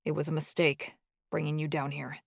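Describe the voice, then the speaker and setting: A woman reading a gruff, protective young man in an audiobook, pitched low and held back to a strained murmur. He speaks heavily and wearily, in a dry, close recording. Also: flat delivery, moderate pace, dry recording, heavily acted. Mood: disappointed.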